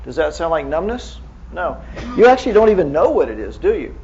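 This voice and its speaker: A man with a somewhat high voice gives a casual, conversational medical lecture in a hall, stopping to quiz his listeners. The recording is a bit dull and carries a faint noise floor. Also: sing-song, brisk, vocal fry, a little mellow. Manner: conversational, quizzes the audience, many restarts. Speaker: neurohospitalist lecturer. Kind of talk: medical conference lecture with audience questions.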